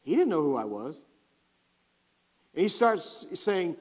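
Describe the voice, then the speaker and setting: A man's voice: a little high, slow pace, pauses often. A man, preaching and telling a story from his own life, asking the congregation questions directly. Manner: animated, talks to the congregation directly. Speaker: pastor. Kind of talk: sermon storytelling. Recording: long hall reverb.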